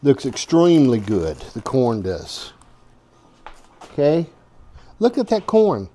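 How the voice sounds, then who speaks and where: A man's voice: mid-range voice, wildly swooping pitch, slow, warm tone. A man hosting his own home cooking vlog, talking in a folksy, rambling way with chuckling asides. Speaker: home cooking show host.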